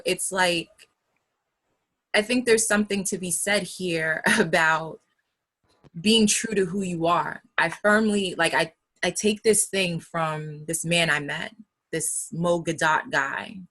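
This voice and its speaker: A woman's voice: fairly low pitch, a bit bright. A woman with a New York accent speaking frankly and emphatically in a casual talk about public speaking. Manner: candid and emphatic.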